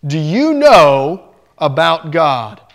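Man doing a big intimidating preacher, slow booming questions, higher-set voice, in a told story. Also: big pitch swings, heavily acted. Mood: stern. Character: huge intimidating male pastor with a booming voice.

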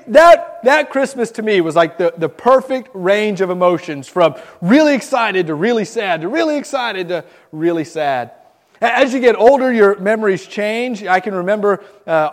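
A man's voice: high voice, long reverb tail. A man in his thirties from Florida, telling Christmas memories to a group, stumbling over and repeating his words. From Miami, Florida. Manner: stammers and repeats words, animated storytelling. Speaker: speaker sharing Christmas memories. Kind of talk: storytelling talk to a group.

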